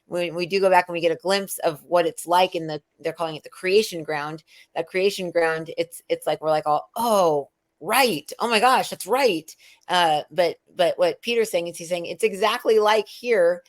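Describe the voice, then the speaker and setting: A woman's voice: on the low side, normal speed. A middle-aged woman hosting a casual spiritual chat, rambling with many fillers and restarts. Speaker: show host.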